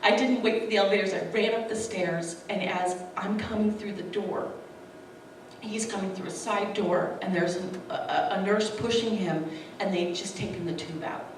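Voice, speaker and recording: A woman's voice: medium pitch, moderate pace, background noise. Woman recounting a personal story earnestly, mic set back in a reverberant hall. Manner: earnest, acts out quoted dialogue. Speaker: speaker sharing her testimony. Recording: echoey room, distant mic.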